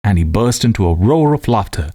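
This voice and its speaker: A man reading a classic short story aloud, with expressive, varied delivery. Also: fairly low pitch, brisk, slightly rough.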